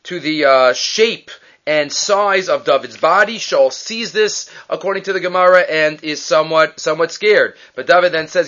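A man teaching a class, telling a story in an animated way, quick and full of restarts and self-corrections. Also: fairly high pitch. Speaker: Torah teacher. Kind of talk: lively storytelling lecture. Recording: dull lo-fi recording.

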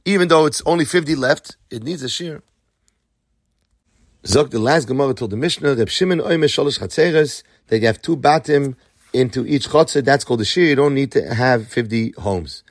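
A man's voice: mid-range voice, normal speed, no echo, studio quality. A man teaching a Talmud lesson, reading Aramaic phrases and then explaining them in English, posing questions and answering them himself.

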